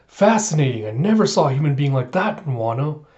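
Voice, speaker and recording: A man's voice: fairly high pitch, very animated, a little fast, a little mellow. Brief: eager young samurai adventurer, read by a man in his own voice, earnest, lo-fi.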